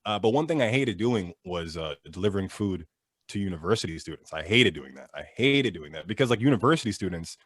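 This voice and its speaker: A young man doing an animated stand-up set over a video call, laughing at his own jokes and acting out characters. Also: low voice, fast talker, no echo, clean studio sound. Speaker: stand-up comedian.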